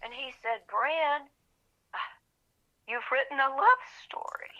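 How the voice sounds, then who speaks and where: Animated woman telling a story, gravelly and bright. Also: sits high, slow pace, muffled recording. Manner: animated storyteller, acts out quoted voices, gets emotional. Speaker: author, podcast guest. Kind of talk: storytelling in an interview.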